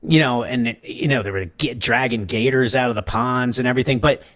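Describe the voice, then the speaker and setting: A man's voice: medium pitch, a little fast. A man in his fifties hosting a casual chat, telling stories animatedly and acting out the people he quotes. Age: 50s. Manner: animated, acts out quoted voices with laughs. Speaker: podcast host.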